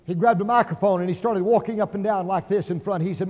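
An impassioned evangelist, a man with a high voice, preaching a revival sermon. He acts out the voices in his stories and climbs toward near shouts. The sound is dull and washed in the long reverb of a large auditorium. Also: quick pace. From Oklahoma.

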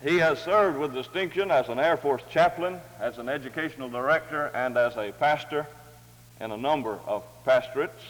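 A man's voice: medium pitch, fairly bright tone. Formal man reading in a reverberant hall. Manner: measured, formal, dignified delivery. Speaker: worship leader reading scripture and introducing a speaker. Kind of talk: formal scripture reading and introduction. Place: large hall or chapel.

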